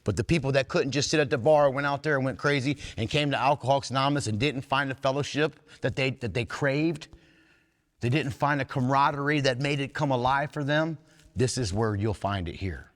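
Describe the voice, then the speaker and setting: A man's voice: medium pitch, fairly quick. A man speaks at a recovery workshop in a folksy, earnest way, blunt and unpolished with the odd curse. His voice sits in an ordinary middle register. The sound carries a long reverb from a meeting hall. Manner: plain-spoken, earnest, folksy with mild cursing. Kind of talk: informal recovery workshop talk.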